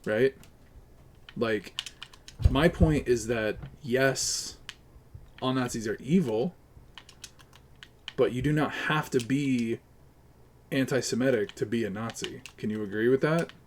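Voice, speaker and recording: A man's voice: medium pitch, slow pace, long pauses, a little hiss or hum. A man streaming a game live, arguing with his chat and cursing at his teammates. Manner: profane, combative ranting at chat. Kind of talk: live gaming stream commentary.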